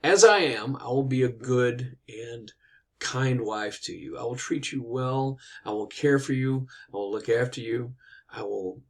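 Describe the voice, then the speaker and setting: A man's voice: medium pitch, unhurried, lightly acted. A man voicing a bold, insistent old woman in a casually told story, plain-spoken and persuasive.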